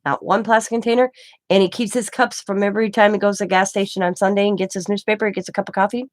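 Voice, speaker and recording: A woman's voice: mid-range voice, little pitch movement, fast talker, no echo. Chatty Midwestern woman, dry close sound. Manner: rambling storytelling with quoted dialogue. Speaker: craft channel host. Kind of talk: casual chat to camera.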